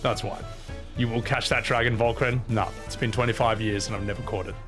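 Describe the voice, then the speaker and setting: A man's voice: fairly low pitch, fairly even intonation, fairly quick, music in the background. A man streaming a video game and ranting sarcastically about the series, swearing freely between bursts of laughter. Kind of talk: casual game commentary.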